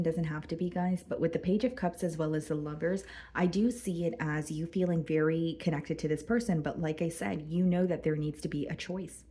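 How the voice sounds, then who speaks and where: A woman giving a casual tarot reading to her viewers, chatty and full of fillers, a bit hoarse and clearing her throat. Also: low voice, dark tone. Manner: chatty, addresses viewers as guys, many fillers. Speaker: tarot reader.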